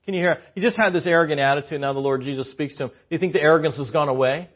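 A man preaching a sermon as an animated, joking storyteller, on a dull lo-fi recording. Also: a little high, racing.

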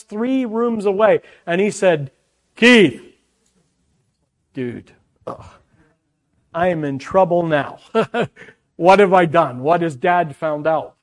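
A man preaching a sermon, teaching earnestly from scripture with chatty asides to the congregation. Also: sits high.

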